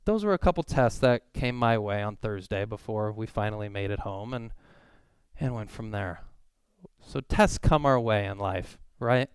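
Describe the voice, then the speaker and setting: Clear-voiced male pastor telling a story. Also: fairly low pitch, lively intonation, moderate pace, no room sound. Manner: storytelling, conversational and self-deprecating. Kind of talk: sermon.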